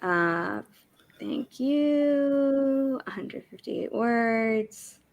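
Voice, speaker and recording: A woman's voice: on the high side, animated, drawn-out words, vocal fry. A woman hosting a casual writing sprint livestream, chatting between sprints and counting down. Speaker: writing sprint stream host.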